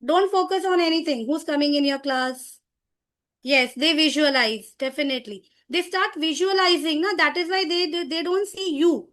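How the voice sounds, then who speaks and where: Animated high-voiced woman teacher trainer. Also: moderate pace. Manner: animated, demonstrative, loose restarts.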